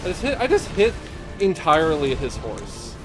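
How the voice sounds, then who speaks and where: A man's voice: fairly high pitch, huge pitch swings, normal speed. Profane, giggly young streamer man. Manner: casual, profane, giggly banter. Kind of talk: live game commentary. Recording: game music clearly behind voice.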